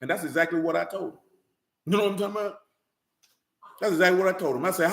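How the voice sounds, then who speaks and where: Male preacher, street-style sermon, heated and profane, high-pitched, roomy echo. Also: fast talker, creaky, long pauses, slight background noise. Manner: loud, preachy, profane, rising to shouts.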